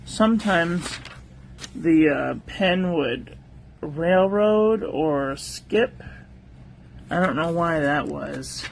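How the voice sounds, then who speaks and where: A man casually reviews stationery on a livestream, listing paper traits in short clipped phrases and chatting aside with viewers between items. His voice is on the high side, very slow and gravelly, with slight background noise.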